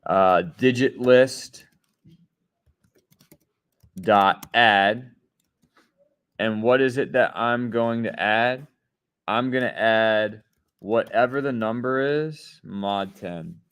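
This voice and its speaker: Lower-voiced man teaching coding step by step. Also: extremely slow, long pauses, a bit bright, clean tone. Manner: step-by-step explaining, often checking in with "right?" and "okay?". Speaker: programming teacher. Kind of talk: screen-share coding lesson.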